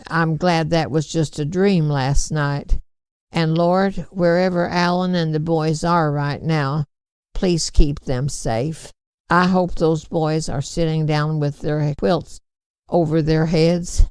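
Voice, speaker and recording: A woman reading aloud voices a gentle, worried farm mother in a storybook. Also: low-pitched, steady tone, slow pace, clean tone, no echo. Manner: gentle, soothing.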